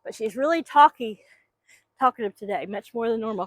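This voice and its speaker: A woman's voice: on the high side, quick pace, no echo. A woman keeping backyard chickens, chatting casually and rambling while she talks to her hens outdoors on a microphone. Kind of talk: casual vlog chat.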